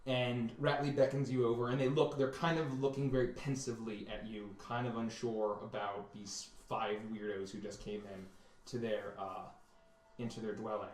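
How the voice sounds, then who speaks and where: A man narrating a tabletop game as game master, describing scenes with many pauses and fillers. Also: medium pitch, fairly even intonation. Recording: roomy, distant mic.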